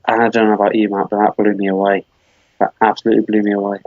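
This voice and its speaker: A man's voice: fairly low pitch, level tone, racing, darkish tone. A man in his twenties co-hosting a comedy podcast, rambling through a silly story with lots of fillers and restarts. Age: 20s. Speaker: podcast co-host. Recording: dull lo-fi podcast audio.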